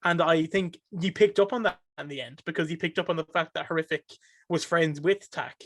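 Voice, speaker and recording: A man with an Irish accent, chatting on a podcast in an animated, talkative way. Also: on the high side, fairly quick, no echo, clean studio sound. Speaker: podcast guest. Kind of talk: casual podcast chat.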